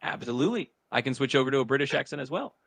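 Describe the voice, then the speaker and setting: A cheerful synthetic male voice of an AI assistant, answering with upbeat agreement. He talks quickly and his pitch bounces around a lot. The sound is dry and close. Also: expressive, vocal fry, fairly bright tone, dry recording. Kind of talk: upbeat chatbot replies.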